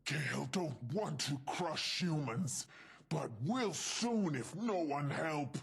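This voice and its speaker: A hulking, short-tempered super mutant growls through broken English and talks about himself in the third person. His voice is raised, gravelly and husky, with a slow, heavy delivery. He is a video game character. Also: fairly high pitch, expressive, a bit bright, full character voice. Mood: aggrieved. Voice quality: gravelly, raspy voice.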